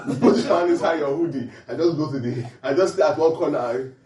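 A man's voice: a little high, brisk, reverberant, distant mic, poor audio. A man preaching a humorous sermon, laughing often and checking in with his listeners. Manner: animated, laughing often, asks the audience questions.

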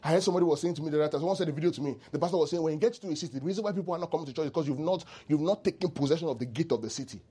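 A man preaching a sermon as pastor, animated and teasing, leading the congregation in call-and-response. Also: a little high, rapid-fire, few pauses, breathy edge.

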